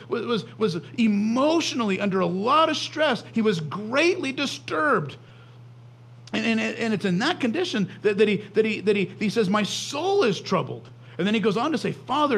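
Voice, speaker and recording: Male pastor, fairly high voice, preaching, halting restarts, middle-aged. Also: lively intonation, a bit bright. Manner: frequent stammering restarts. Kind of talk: sermon.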